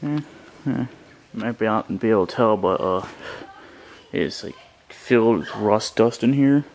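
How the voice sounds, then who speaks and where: A man casually explaining his rust-removal project, rambling and halting with lots of fillers and the odd curse, recorded in a garage. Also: on the low side, darkish tone, a little hiss or hum. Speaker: DIY vlogger. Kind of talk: casual how-to commentary. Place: garage with a car, indoors.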